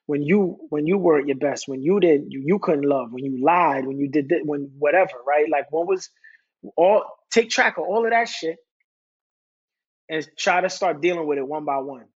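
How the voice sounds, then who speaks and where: A husky man talking candidly on a podcast. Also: on the high side, muffled recording. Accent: New York. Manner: halting, repeats words and restarts, recites his own lyrics. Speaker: podcast guest. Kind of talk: candid conversational talk.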